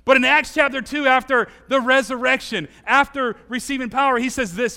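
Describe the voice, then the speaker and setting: A man with a high, bright, smooth voice delivers a sermon in a church. He shifts between loud bursts and near-whispers while playing the people he quotes. The sound carries a long hall reverb. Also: a little fast, hardly any pauses. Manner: animated, acts out quoted voices, swings from loud to hushed. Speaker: pastor.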